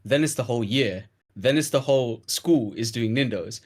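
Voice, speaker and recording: A young man in casual chat, telling a story from school with animated swings into loud emphasis. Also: mid-range voice, moderate pace. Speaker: guest storyteller.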